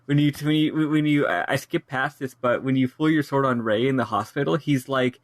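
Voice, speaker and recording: A man co-hosting a casual game podcast, lively and swearing freely as he talks through his notes. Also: mid-range voice, fairly quick, no echo. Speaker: podcast co-host. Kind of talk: casual chat.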